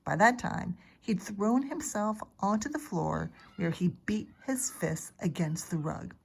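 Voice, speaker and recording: A teacher reading a children's chapter book aloud, narrating in a steady, expressive way. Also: female voice, mid-range voice, a little slow, vocal fry, breathy edge. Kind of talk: storybook read-aloud.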